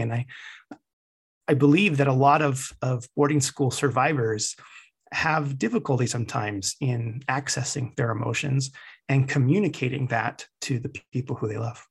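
Gravelly, husky-voiced man speaking reflectively. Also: mid-range voice. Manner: measured, halting, with many restarts and fillers. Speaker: author being interviewed. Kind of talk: reflective interview talk.

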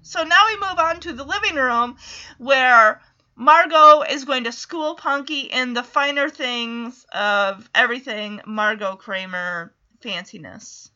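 A woman hosting a podcast from home, recapping a story in a casual, animated way and acting out the lines. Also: high-pitched, measured pace, dull audio. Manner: animated storyteller who acts out quotes. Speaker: podcast host.

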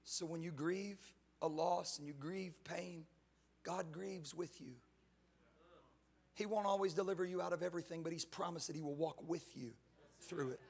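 A male guest pastor preaching a sermon in church, animated and joking, with casual slang. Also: a little high, normal speed, gravelly, breathy edge. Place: church sanctuary.

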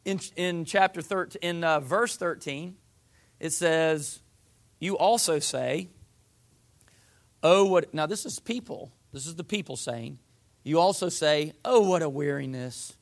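A man preaching in a relaxed, homespun way, mixing scripture reading with plain talk and little voiced asides. His voice is gravelly and sits a bit high for a man. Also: unhurried. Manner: folksy, uses voiced asides for the people. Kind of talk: sermon.

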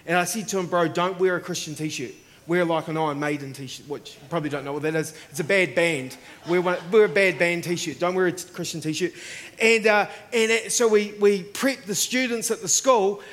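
High-voiced Australian man preaching. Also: normal speed. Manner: animated, acts out voices in anecdotes. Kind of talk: sermon with storytelling.

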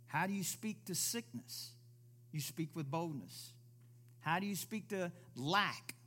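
Preaching forcefully during a church service, a man poses rhetorical question after rhetorical question and answers each one, voicing the people he quotes in character. His voice sits a bit above typical male pitch and is bright and expressive, his pace a little slow.

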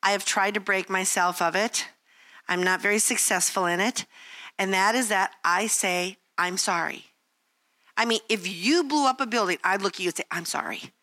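An older Christian speaker with a mid-range voice delivers a candid devotional talk at a moderate pace, her tone pushed and bright. She pokes fun at herself through family stories and acts out what people say.

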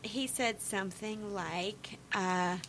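A woman's voice: mid-range voice, takes it slowly, a bit bright, slight background noise. A woman hosting a casual podcast, chatting and joking with lots of "like". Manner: chatty and joking, with frequent fillers like "like". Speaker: podcast host.

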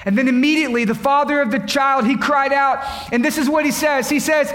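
A man preaching a sermon to his congregation, impassioned and dramatic, acting out quotes and building to shouts. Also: extremely high pitch, fairly quick, hardly any pauses, reverberant, in a large hall. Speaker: pastor.

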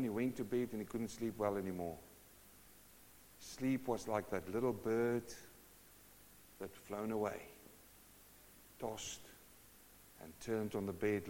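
A male preacher giving a sermon, swinging from hushed to loud and asking the congregation question after question. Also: mid-range voice, slight background noise. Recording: long hall reverb.

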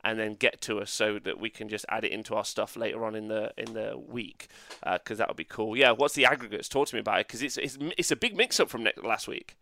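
A man's voice: lowish voice, fast talker, bright, forceful tone, no echo. Brief: man co-hosting a gaming podcast, chatty, filler-heavy, dry close sound. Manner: chatty, filler-heavy, reads chat comments aloud. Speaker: podcast co-host. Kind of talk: casual chat.

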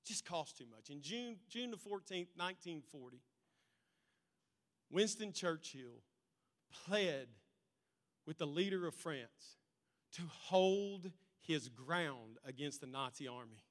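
A male pastor preaching a sermon, telling stories in an animated way that swings between loud and quiet. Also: a little high, slow pace, long pauses. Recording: long reverb in a large hall.

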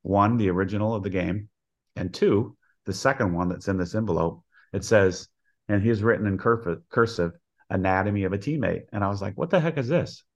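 Deep-voiced older man telling stories earnestly. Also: fairly even intonation, a little fast, a little mellow, muffled recording. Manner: earnest storyteller who acts out quoted dialogue. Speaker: college softball head coach, guest. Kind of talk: storytelling interview.

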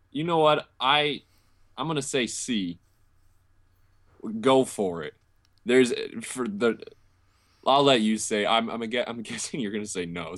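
A man's voice: lowish voice, fairly bright tone. A young man co-hosting a casual sports podcast, thinking aloud with frequent fillers and restarts. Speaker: podcast co-host.

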